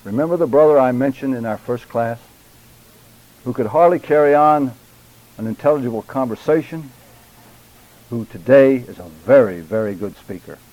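Deliberate, emphatic man teaching a class. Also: mid-range voice, warm tone, rough recording. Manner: measured, emphatic, deliberate enunciation; addresses class members by name. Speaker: public speaking instructor for church men. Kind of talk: classroom lecture.

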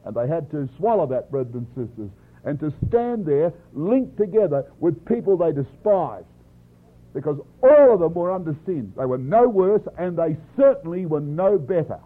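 A man's voice: a little high, sing-song, normal speed. A man preaching a sermon, expounding scripture in an earnest, emphatic way and often addressing the congregation directly. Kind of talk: sermon, Bible exposition. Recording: tinny phone-like lo-fi recording.

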